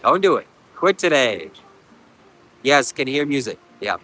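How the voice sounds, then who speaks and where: A man from Canada streaming outdoors at a beach, answering his chat with deadpan jokes. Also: medium pitch, a little slow, rough recording. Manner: deadpan, joking replies to chat. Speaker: livestream host reading chat. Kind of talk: casual livestream chat.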